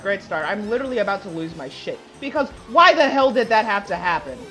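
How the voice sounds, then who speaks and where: A woman's voice: medium pitch, big pitch swings, brisk, few pauses, a bit bright, soft background music. A young woman giving live commentary on her own racing game play, swearing, stammering and breaking into frustrated outbursts. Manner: stammering restarts. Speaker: gaming video creator.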